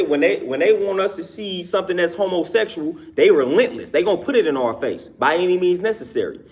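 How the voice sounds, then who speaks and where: A man's voice: high voice, a little mellow. A man hosting a livestream and talking casually to his viewers' comments, repeating his points twice with emphasis and laughing between them. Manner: repetitive, emphatic, says each point twice. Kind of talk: casual talk to a live chat.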